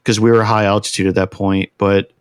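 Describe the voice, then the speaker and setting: A man, a veteran guest on a podcast, telling a long story in a casual, animated way and acting out the quotes. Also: fairly low pitch, a little fast, clear, resonant tone, dry recording, studio quality. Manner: animated, acts out shouted quotes.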